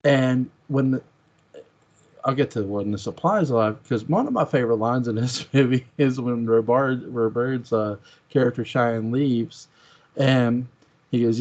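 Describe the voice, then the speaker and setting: A man's voice: medium pitch, unhurried, a little mellow. Guy on a movie podcast gushing about a film, acts out the lines, dull lo-fi audio. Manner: enthusiastic, quotes lines from the film with laughs. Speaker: podcast co-host. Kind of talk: casual film discussion. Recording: dull lo-fi sound.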